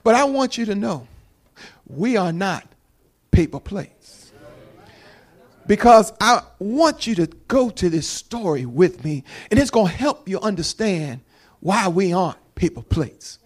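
High-voiced preacher with a Jersey accent. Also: male voice, very animated, rough recording. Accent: New Jersey. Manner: fast-talking, call-and-response preaching. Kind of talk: sermon. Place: church sanctuary.

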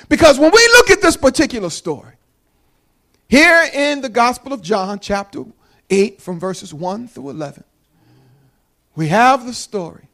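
A high-pitched man with a New Jersey accent delivers a Sunday sermon in a church. He talks quickly, swings between a soft low delivery and loud emphatic bursts, and draws the congregation into call and response. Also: poor audio. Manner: fast-talking, call-and-response preaching. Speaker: preacher. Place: church sanctuary.

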